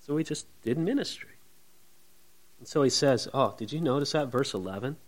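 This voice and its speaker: A man's voice: expressive, moderate pace. A man preaching a conversational verse-by-verse sermon who keeps asking the congregation questions and acts out quoted voices. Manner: conversational, often asks the listeners questions; acts out quoted voices with big shifts in pitch and loudness. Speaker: pastor. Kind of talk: expository sermon.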